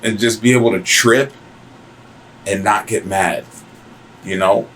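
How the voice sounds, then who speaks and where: A man hosting a podcast, telling stories casually in a crude, mocking, animated way. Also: fairly low pitch, unhurried, long pauses, slight background noise, low-quality recording. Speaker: podcast host. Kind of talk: casual profane storytelling.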